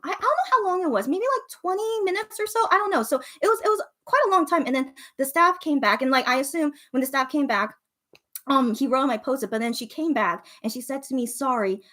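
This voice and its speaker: A young woman chatting casually and telling a story in an animated way, full of fillers like "you know" and "okay". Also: sits high. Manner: animated, filler-heavy, frequent 'you know' and 'okay'.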